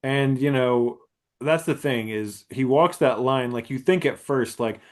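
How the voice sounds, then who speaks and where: A man's voice: mid-range voice, measured pace. A man co-hosting a podcast, talking casually about a film and rambling with lots of filler words. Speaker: podcast co-host. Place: podcast studio.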